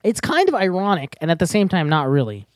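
A woman's voice: lowish voice, sing-song, fast talker, no room sound. A woman hosting a casual podcast from a headset mic, rambling with lots of fillers and restarts. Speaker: podcast host.

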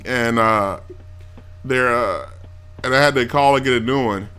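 A man's voice: mid-range voice, a little slow, clean tone. A man chatting casually on a podcast, telling stories animatedly and swearing freely. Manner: animated storyteller, swears, mimics people in quotes. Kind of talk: casual chat.

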